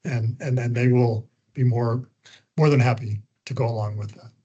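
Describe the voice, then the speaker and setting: A man giving spokesperson training on a video call, talking quickly once he gets going, with frequent ums and uhs. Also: mid-range voice, steady tone, mellow, slightly rough. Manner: talks fast when he gets going. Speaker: media trainer. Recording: dull lo-fi call audio.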